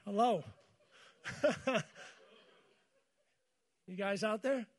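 A man with a high, light voice preaches a morning sermon. He keeps calling on the congregation to repeat his words back to him, and he mixes scripture with joking stories. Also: extremely slow. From United States. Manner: call-and-response with congregation, storytelling with humor. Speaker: pastor.

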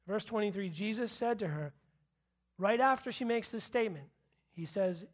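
This preacher delivers a relaxed, conversational sermon at a moderate pace, often checking in with the audience. His voice rests at a middle pitch but moves animatedly as he acts out the quotes of the story's people.

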